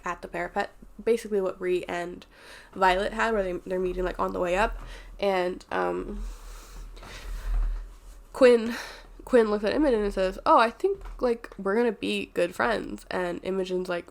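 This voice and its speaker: A woman's voice: mid-range voice, vocal fry, a little mellow. Chatty woman reviewing a book. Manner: candid, rambling, swears freely. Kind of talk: casual book review vlog.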